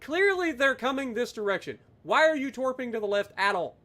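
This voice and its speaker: A high-pitched man streaming live gameplay. He rants loudly and with exasperation at his teammates, then drops into dry, sarcastic play-by-play. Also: big pitch swings, fairly quick. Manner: loud, exasperated ranting with sarcastic asides.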